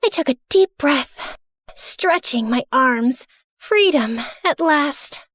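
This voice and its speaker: Sassy young woman narrating, high and lively. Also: takes it slowly, no room sound, clean studio sound. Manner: sassy, dramatic, sarcastic. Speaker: narrator and heroine. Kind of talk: first-person animated story narration.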